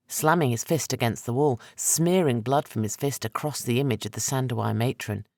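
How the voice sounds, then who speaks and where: A man narrating a historical fantasy audiobook in a steady, dramatic reading. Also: medium pitch, moderate pace, no echo, studio quality. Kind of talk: scripted narration.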